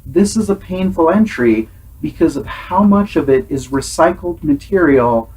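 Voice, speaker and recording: Brief: unhurried male host, earnest and exasperated movie critic. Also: fairly high pitch, animated, darkish tone, slightly rough, low-quality recording. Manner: earnest, exasperated critique, sometimes imitates sounds. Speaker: host, film reviewer. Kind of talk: casual film review chat.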